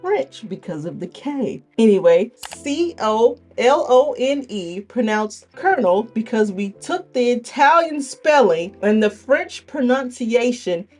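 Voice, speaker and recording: A woman hosting a casual educational monologue, animated and joking, with rhetorical asides. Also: fairly high pitch, a little slow, hardly any pauses, soft background music. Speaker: host.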